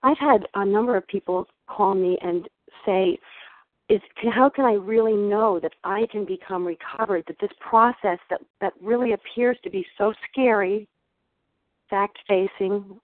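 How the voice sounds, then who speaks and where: A woman from South Jersey speaks at a recovery meeting, reading short passages and explaining each one in a measured way. Her voice sits at a middle pitch and sounds dry. It comes through a tinny phone line. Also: dry recording. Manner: measured, reads quotes aloud and explains them. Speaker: meeting participant sharing.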